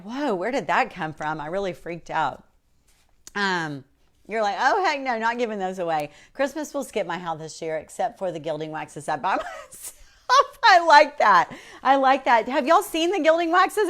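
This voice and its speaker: A woman's voice: medium pitch, fairly bright tone. A woman hosting a casual livestream from her workshop, chatting and reading viewer comments aloud as she paints. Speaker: host.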